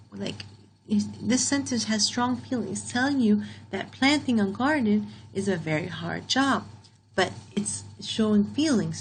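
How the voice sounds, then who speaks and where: A woman walks through a grammar lesson at an unhurried pace, reading example sentences aloud and repeating them for her students. Her voice sits at an ordinary pitch for a woman, and a faint hiss of background noise runs under the recording. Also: rough recording. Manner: patient, explains slowly, repeats example sentences. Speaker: teacher.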